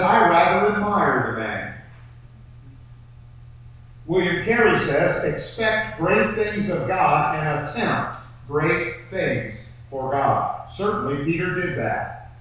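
Preaching a sermon with scripture reading, a man speaks very unhurriedly and leans on repeated phrases for emphasis. His voice is a bit high and bright for a man, heard from far off in a large, strongly echoing hall.

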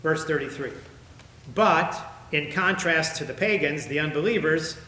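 Emphatic preacher in an echoey church. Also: male voice, a little fast, bright, forceful tone. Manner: emphatic preaching, voice rising high on read verses. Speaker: pastor. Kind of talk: sermon. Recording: echoey room with faint ambience.

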